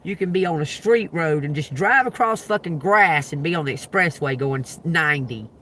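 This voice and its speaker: Man, high bright tense voice, profane and animated, with loud bursts. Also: normal speed, a little hiss or hum. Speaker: tarot reader livestreamer. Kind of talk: casual livestream rant.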